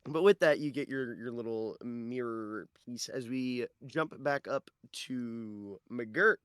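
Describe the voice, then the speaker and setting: A man's voice: medium pitch, fairly bright tone, clear, resonant tone, dry recording, studio quality. A man running a tabletop role-playing game as game master, narrating scenes and talking with his players. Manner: descriptive, slowing for dramatic narration.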